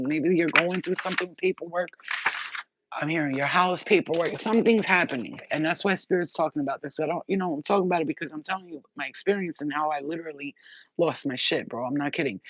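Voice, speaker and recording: A woman's voice: sits low, a little hiss or hum. A woman spiritual reader talking in a casual, emphatic, rambling monologue. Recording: dull, slightly muffled sound.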